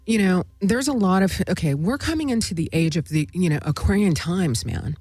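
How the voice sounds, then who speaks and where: A woman's voice: on the low side, lively intonation, normal speed, a little mellow, no echo. A woman hosting a spiritual talk show, speaking in a meandering monologue full of "you know" and "right?". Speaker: host.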